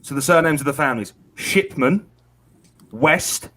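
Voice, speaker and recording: A man's voice: fairly high pitch, expressive, measured pace, sharp tone. Enthusiastic British man in chat. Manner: enthusiastic, swears casually. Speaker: panelist. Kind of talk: casual group chat.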